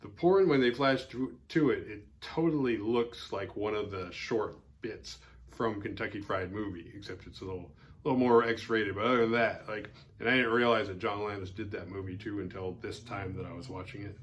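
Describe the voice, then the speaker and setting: A man with a lowish, steady voice speaking at a moderate pace hosts a horror film podcast. He casually recaps a movie's plot in a loose, rambling way, filling it with "like" and dropping the occasional wry aside.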